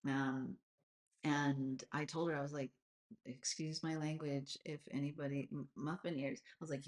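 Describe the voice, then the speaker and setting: A woman's voice: sits low, flat delivery, normal speed, a little mellow. A woman in her forties hosting a live session over a video call, talking casually and candidly in a rambling way, with lots of fillers. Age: 40s. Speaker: host of a live astrology session. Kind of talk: casual live-stream chat.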